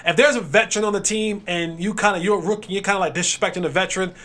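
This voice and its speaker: Male podcast host, fairly high voice, relaxed casual chat, quick asides. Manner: laid-back, quick asides, laughs along. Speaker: podcast host, former NFL player.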